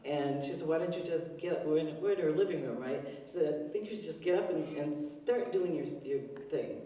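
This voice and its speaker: A woman's voice: sits low, brisk, mellow. An older woman at an open mic, telling chatty, self-deprecating stories with lots of fillers. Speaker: stand-up comedian. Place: arts center stage, live audience. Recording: roomy hall heard from a distance.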